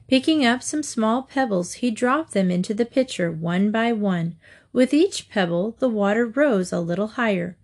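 A woman narrating storybook fables in a clear, measured reading. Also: fairly high pitch, darkish tone.

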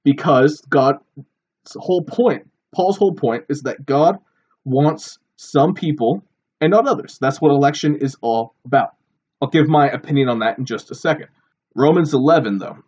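A man's voice: fairly high pitch, normal speed, a little mellow, slightly rough, muffled recording. A man giving a sermon-style Bible teaching, explaining earnestly and posing rhetorical questions. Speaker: preacher.

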